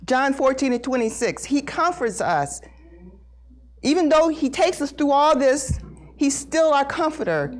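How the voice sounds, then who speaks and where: Woman, middle-aged, heartfelt testimony, earnest and halting, fairly high voice, very lively pitch. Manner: earnest, halting, repeats words, voice rises when emotional. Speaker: congregation member sharing testimony. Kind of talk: emotional personal testimony at a Bible study.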